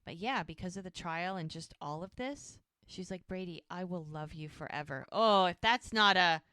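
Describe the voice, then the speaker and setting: Smooth-voiced woman recapping a show. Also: fairly low pitch, moderate pace, dry recording, clean studio sound. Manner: retells scenes with quoted lines, animated. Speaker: podcast co-host. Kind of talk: casual recap chat.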